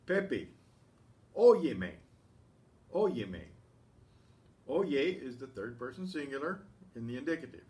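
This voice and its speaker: Slow-paced male Spanish teacher. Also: medium pitch, far from the mic. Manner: reads Spanish examples, then explains them in English; clears his throat often. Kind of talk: language lesson. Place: classroom or community center room.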